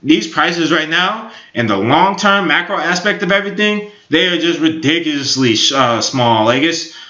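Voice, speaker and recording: A man's voice: a little high, lively intonation, normal speed, bright, forceful tone. A man in his twenties giving rambling, upbeat casual commentary on crypto markets, full of fillers. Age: 20s. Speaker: crypto YouTuber. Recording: echoey room, dull lo-fi sound.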